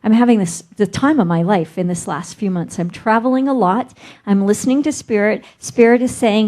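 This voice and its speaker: A woman's voice: medium pitch, brisk, darkish tone. A middle-aged woman minister delivering a sermon, telling a personal story and acting out her inner dialogue.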